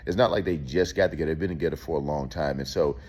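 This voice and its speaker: A man's voice: extremely low pitch, fast talker, darkish tone, breathy edge. A male host talking through a case in loose casual commentary, with many fillers and restarts.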